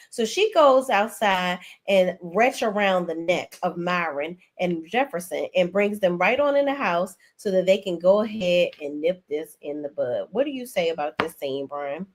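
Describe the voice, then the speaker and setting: A woman hosting a casual recap chat, animated, acting out characters' lines in a raised voice. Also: fairly low pitch, normal speed, hardly any pauses. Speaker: show review host.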